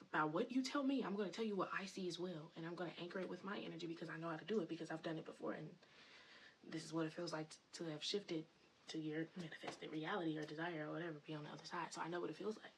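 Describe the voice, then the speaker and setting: A woman's voice: fairly low pitch, a little hiss or hum, low-quality recording. A woman spiritual content creator in a casual, rambling vlog monologue, full of fillers and enthusiasm.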